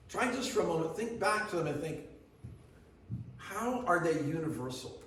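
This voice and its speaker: A man's voice: high-pitched, expressive, moderate pace, a little hiss or hum. A man giving a sermon as pastor, in a conversational way that asks the congregation questions. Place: church hall. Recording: echoey church hall from far off.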